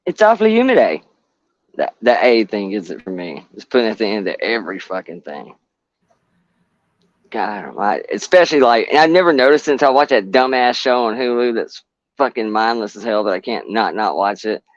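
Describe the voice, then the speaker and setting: A man's voice: fairly low pitch, expressive, fairly quick, lo-fi sound. A man hosting a casual live chat, rambling and swearing bluntly.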